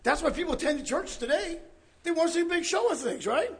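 A man preaching a conversational Bible study, animated and chuckling, often checking in with the listeners. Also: extremely high pitch, quick pace, creaky. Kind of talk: conversational sermon.

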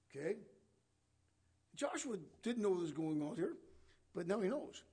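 Gravelly, husky high-voiced man preaching. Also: big pitch swings, normal speed, long pauses, mellow. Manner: questions the listeners, repeats words, paraphrases scripture. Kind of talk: conversational Bible teaching.

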